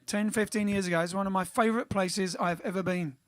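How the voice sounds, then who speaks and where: Male host, high voice, playful jokey chat, dry close sound. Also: fairly even intonation, a little fast, fairly bright tone, no echo. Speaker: bandleader hosting a live stream. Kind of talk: casual live-stream chat.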